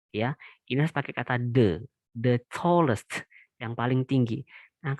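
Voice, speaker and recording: A man's voice: medium pitch, no echo. A man with an Indonesian accent, a native Indonesian speaker, teaching a recorded grammar lesson and explaining patiently, often adding a checking "ya" and restarting words.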